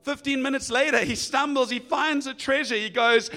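A man preaching a sermon, animated and acting out voices of people in the story. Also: very high-pitched, a little fast, hardly any pauses. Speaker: pastor.

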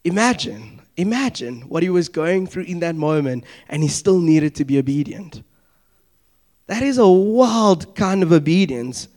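Preaching a sermon, a young man speaks in a fairly high voice and keeps things relaxed and conversational. His animated delivery includes asides, brief acted-out dialogues, and regular check-ins with the audience.

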